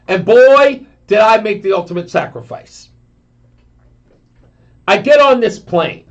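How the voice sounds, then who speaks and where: A man hosting a talk radio show, telling a long story in an animated way and acting out the voices of the people in it. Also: sits high, highs cut off.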